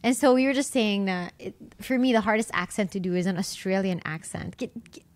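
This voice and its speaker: A woman's voice: medium pitch, a little fast, dry recording. A woman with a Filipino accent co-hosting a casual podcast, asking the guest questions and dropping in Tagalog phrases. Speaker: podcast co-host. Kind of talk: casual chat.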